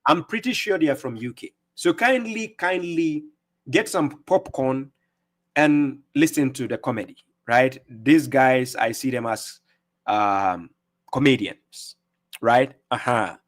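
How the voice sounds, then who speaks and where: A man's voice: mid-range voice, slow. A man hosting a live stream, talking casually and greeting viewers by name, laughing often.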